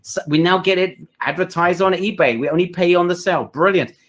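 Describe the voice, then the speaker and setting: A man's voice: high voice, a little fast. A man hosting a webinar, enthusiastic and speaking straight to his viewers. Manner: enthusiastic, addresses the audience directly. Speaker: webinar host.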